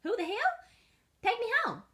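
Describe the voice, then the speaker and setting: A woman voicing a grumpy little male dog who is rude and indignant, in a squeaky, snappy, sassy voice. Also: wildly swooping pitch, normal speed, fairly bright tone, exaggerated voice. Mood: smug.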